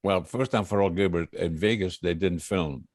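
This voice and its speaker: Elderly male guest, very low voice, halting storyteller, dry close sound. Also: darkish tone, dry recording. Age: 80s. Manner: reminiscing, halting with many uhs, chuckles often. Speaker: guest singer. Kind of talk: casual interview chat.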